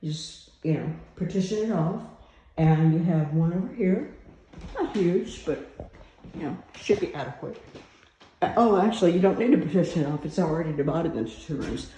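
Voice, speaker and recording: A woman's voice: lowish voice, lively intonation, moderate pace, mellow. A woman giving a casual walkthrough of an empty house, chatty and unsure, thinking aloud with many fillers. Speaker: real estate agent giving a property tour. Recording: echoey empty rooms.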